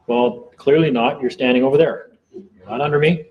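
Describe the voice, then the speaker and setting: A man's voice: mid-range voice, moderate pace, darkish tone, lo-fi sound. Rambling man lecturing a small group. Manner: rambling, repeats himself, acts out court exchanges. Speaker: seminar speaker.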